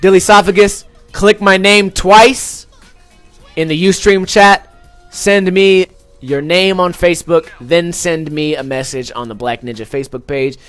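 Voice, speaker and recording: A man's voice: sits high, measured pace, fairly bright tone, clear, resonant tone, no echo, soft background music. A young man hosting a podcast, ranting comically about food in a profane, exaggerated way, with lots of fillers. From Las Vegas. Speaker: podcast host. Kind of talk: casual comedic rant.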